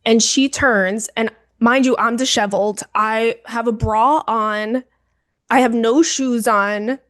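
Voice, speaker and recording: A young woman co-hosting a podcast, telling a story in a casual, animated, dramatic way and calling the listener "girl". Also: a little high, slow. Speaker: podcast co-host.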